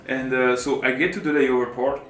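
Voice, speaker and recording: A man from France, telling a personal story as co-host in a rambling, animated, filler-heavy way. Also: medium pitch, a little fast. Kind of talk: casual storytelling chat. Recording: roomy room with faint guitar music.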